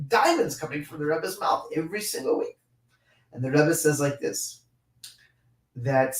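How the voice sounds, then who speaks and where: A man teaching a live-streamed Torah class, reading Hebrew passages and explaining them in English with lively, repeated restarts. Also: fairly high pitch, reverberant, recorded from a distance. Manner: animated, with many repeated restarts.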